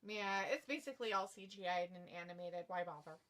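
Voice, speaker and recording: A woman's voice: on the low side, a little fast, fairly bright tone. A woman co-hosting a live watch-along stream, chatting bluntly and reading chat messages aloud.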